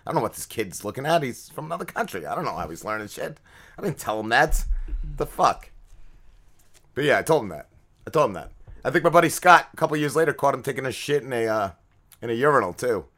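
A man talking on a podcast in loose, casual storytelling mode, mid-pitched and ordinary in tone. He curses freely and acts out what other people said with plenty of exasperation. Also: sing-song, quick pace, a bit bright. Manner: profane, exasperated storyteller acting out quotes. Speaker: podcast host.

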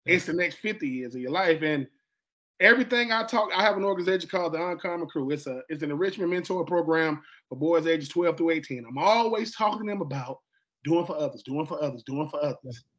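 A man's voice: on the high side, fast talker. A man from Georgia, hosting a casual podcast chat and acting out quoted dialogue with lots of restarts. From Georgia, USA. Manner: animated, acts out quoted dialogue; repeats and restarts often. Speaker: podcast host.

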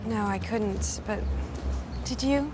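A woman's voice: medium pitch, slow pace, natural voice. An actress playing a woman meeting her old love again, playful, anxious and pleading by turns, in a film clip. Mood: wistful. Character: wistful, teasing French woman reunited with old love. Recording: film clip with street noise.

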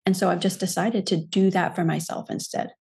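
A woman who works as a coach, a podcast guest speaking in a thoughtful, earnest and measured way. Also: on the low side, steady tone, vocal fry, a little mellow, breathy edge. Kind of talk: reflective podcast conversation.

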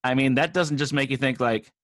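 Brief: male host, bright tense tone, teasing banter, dry close sound. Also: medium pitch, fairly quick, no room sound. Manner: jokey, enthusiastic, teasing. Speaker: podcast host. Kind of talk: casual banter.

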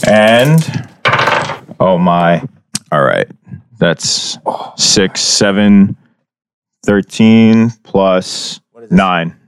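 A man plays a tabletop game, describing his character's moves in a relaxed, slightly hesitant way. His voice sits low and easygoing. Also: extremely slow, pauses often, a little hiss or hum. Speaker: player. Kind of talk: casual tabletop play.

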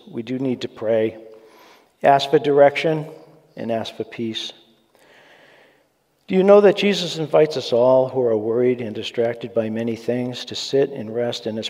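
In a large church sanctuary whose long reverb fills the sound, a man preaches a sermon. He is earnest and conversational, slipping in asides to his listeners, and his mellow, dark voice sits at an ordinary pitch.

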